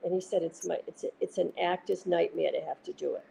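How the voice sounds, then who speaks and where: A woman with a Boston accent chats and rambles casually, retelling what others said. Her voice is very gravelly and warm-toned. A faint background hiss sits under the talk. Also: on the low side, steady tone, fast talker, low-quality recording. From Massachusetts. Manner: chatty, rambling, retells conversations. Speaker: host. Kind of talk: casual chat with viewers.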